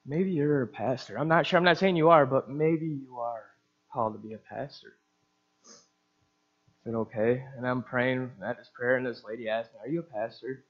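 A male pastor delivers a testimony sermon in an earnest, storytelling way. He slips into the voices of the people he quotes, and his pitch sits in a middle range. The recording sounds dull and lo-fi. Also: normal speed.

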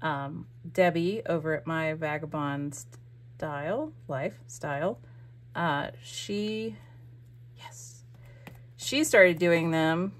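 A woman hosts her own crafting channel in a casual, rambling way. Her voice sits on the lower side, and she often breaks off mid-thought while she glues. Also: takes it slowly. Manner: chatty, rambling, self-interrupting.

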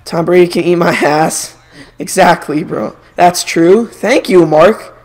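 Speaking slowly in a high-pitched voice, a young man streams a video game and chats casually. He offers animated, opinionated banter about sports.

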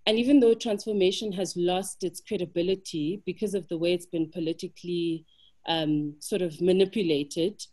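A woman's voice: lowish voice, fairly even intonation, moderate pace, darkish tone. A South African woman speaking as a panelist in a webinar discussion, impassioned and emphatic, building her points with rhetorical questions over a video call.

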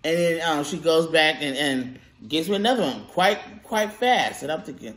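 Woman, mukbang vlogger from California, casual to-camera storytelling; animated, laughs often. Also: low voice, normal speed, few pauses. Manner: animated, laughs often, quotes herself in retellings.

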